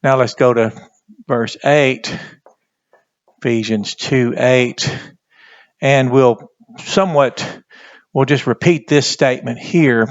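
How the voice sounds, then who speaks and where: A man teaching a Bible language class, speaking haltingly and repeating words as he writes on a board. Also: medium pitch, dry recording, highs cut off. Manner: slow, halting, repeats words while writing. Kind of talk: classroom lesson at a whiteboard.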